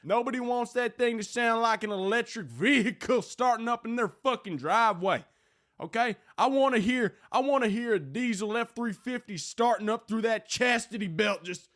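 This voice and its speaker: A man playing a crude, perverted male Southern radio host with a put-on Southern drawl, preaching in drawn-out lines that keep ending in "okay?". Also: very high-pitched, creaky, a bit bright, voice pushed up, heavily acted. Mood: leering.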